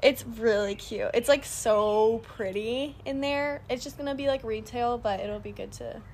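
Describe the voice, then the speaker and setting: A giggly, upbeat young woman co-hosting a relaxed podcast. Her voice sits a little high. She is recorded outdoors with faint background noise. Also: unhurried. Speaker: podcast co-host. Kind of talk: casual chat. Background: birds chirping.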